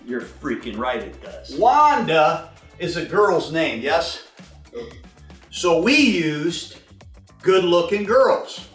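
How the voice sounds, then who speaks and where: Older guy coaching qbs, high bright voice barking cadences, swearing, roomy echo off a distant mic. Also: takes it slowly. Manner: animated, shouting snap counts and cadences; profane, drill-sergeant bark. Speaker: football coach. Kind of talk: coaching session. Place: film room. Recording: echoey room, mic from afar, faint music.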